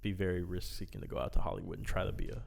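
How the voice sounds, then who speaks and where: Brief: male podcast host, lowish voice, quick relaxed delivery full of fillers. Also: vocal fry. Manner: relaxed, casual, filler-heavy talk. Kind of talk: casual podcast chat.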